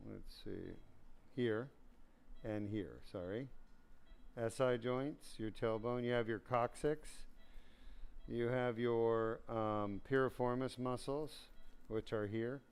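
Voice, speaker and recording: A man's voice: mid-range voice, takes it slowly, long pauses, a little mellow, clear, resonant tone. A man working as a surgeon, explaining a procedure in plain terms to viewers and speaking up to reassure his patient. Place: operating room.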